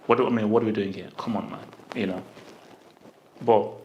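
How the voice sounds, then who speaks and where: A man co-hosting a football podcast, making his case in measured lists with frequent "I mean" fillers. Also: fairly low pitch, fairly even intonation, dull audio. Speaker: podcast co-host. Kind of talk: casual football chat. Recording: echoey room with faint noise.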